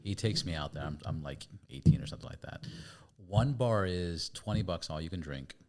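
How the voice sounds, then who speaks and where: Low-voiced podcast host telling a story. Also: male voice, fairly quick, background noise. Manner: lively, acts out quoted voices and sounds. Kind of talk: casual storytelling.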